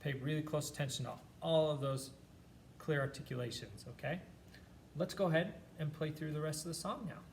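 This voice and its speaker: A man's voice: a little high, a little fast, creaky, a little hiss or hum. A man teaching a band practice lesson, patiently explaining and counting and singing rhythms aloud to demonstrate. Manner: patient, encouraging instruction.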